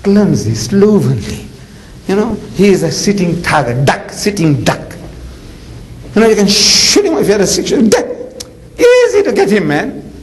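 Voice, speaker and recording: A man's voice: sits high, sing-song, moderate pace, a little hiss or hum, pitched above the performer's own voice, low-quality recording. A man voicing an eager, bold young shepherd boy who pleads earnestly. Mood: scoffing.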